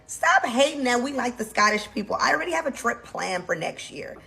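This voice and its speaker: American woman, gravelly voice, very lively pitch, emphatic chat, faint music behind. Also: low-quality recording. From United States. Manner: fast, emphatic opinion-giving. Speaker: co-host. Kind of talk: casual commentary chat.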